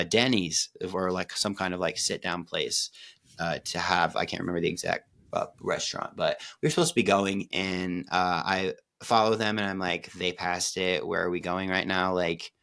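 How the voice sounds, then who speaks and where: Podcast co-host, man, very low voice, loose swearing storyteller. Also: steady tone, normal speed, a bit bright. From Oregon, USA. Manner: rambling, profane, many fillers and restarts. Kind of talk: casual personal storytelling.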